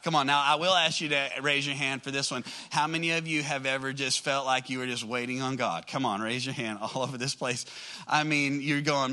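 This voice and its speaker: A man's voice: mid-range voice, fairly even intonation, fairly quick, pushed and bright, rough recording. A man preaching a sermon in a conversational way, asking the congregation questions and acting out prayers. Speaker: pastor.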